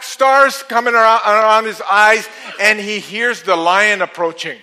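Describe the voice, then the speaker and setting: A middle-aged preacher with a high, bright voice, spinning a story in an animated way. He chuckles at his own jokes and swings from playful to earnest. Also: measured pace. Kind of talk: sermon.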